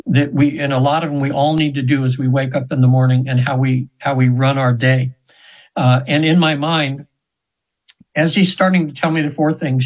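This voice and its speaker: A man in his seventies, a radio guest, telling a long rambling story with restarts and frequent throat-clearing. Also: medium pitch, low-quality recording. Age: 70s.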